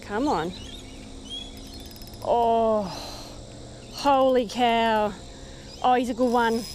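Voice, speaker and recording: Australian woman, slightly high voice, unhurried chatty fishing commentary, outdoors. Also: slight background noise. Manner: chatty, talks to the fish, gets very excited. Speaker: fishing vlogger. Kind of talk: casual running commentary while fishing. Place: outdoors by the water in the rain.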